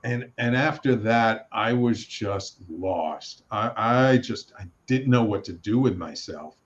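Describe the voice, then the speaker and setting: A middle-aged man, a radio network producer and host, telling his story in a casual interview, animated and acting out the voices he quotes, with many restarts. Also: on the low side, a little slow. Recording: slightly dull lo-fi sound.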